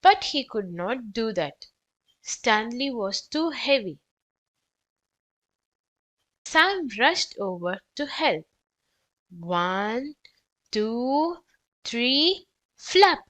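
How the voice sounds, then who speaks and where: A woman reading a children's picture book aloud, expressive and clear for young listeners. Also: a little high, takes it slowly, pauses often. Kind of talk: read-aloud storytelling for kids.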